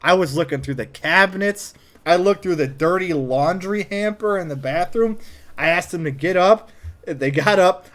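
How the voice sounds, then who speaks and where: A man telling a comedic personal story, animated, acting out other people's lines in a raised voice. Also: high-pitched. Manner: animated, acts out quotes in a raised voice.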